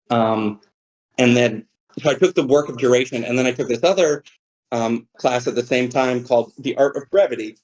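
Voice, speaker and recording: A man's voice: medium pitch, rough recording. A man, a poet, talks loosely on a livestream. He rambles, swears freely and makes fun of himself. It is picked up on a webcam mic. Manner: rambling, profane and self-mocking. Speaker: poet giving a reading. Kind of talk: casual livestream talk about poetry.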